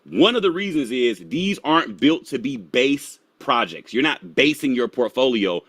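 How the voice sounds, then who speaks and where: A man hosting a casual crypto live stream, slangy and animated, laughing often and talking straight to his chat. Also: mid-range voice, moderate pace, no room sound.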